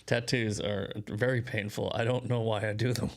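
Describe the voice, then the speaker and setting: A man's voice: on the low side, little pitch movement, moderate pace, vocal fry. A man hosting a casual daily news livestream, rambling and self-mocking with lots of restarts, short on sleep and drinking coffee. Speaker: host of daily news commentary show.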